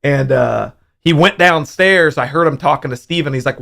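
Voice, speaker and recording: Young man, gravelly voice, slightly high, profane animated livestream storyteller. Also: moderate pace, hardly any pauses. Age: young adult. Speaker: livestream host.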